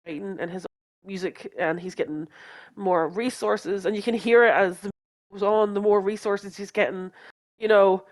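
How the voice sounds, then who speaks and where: A woman's voice: mid-range voice, fairly even intonation, moderate pace. A woman co-hosting a podcast in casual fan chat, rambling with many fillers and restarts and laughing often. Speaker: podcast co-host.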